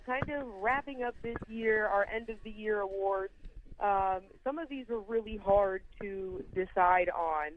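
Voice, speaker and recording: A woman sports journalist talks calmly on a radio show, walking through her choices with a few fillers. Her voice comes through a tinny phone line. Her pitch sits in the middle. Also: a little hiss or hum. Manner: calm, explaining with fillers. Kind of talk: casual radio interview.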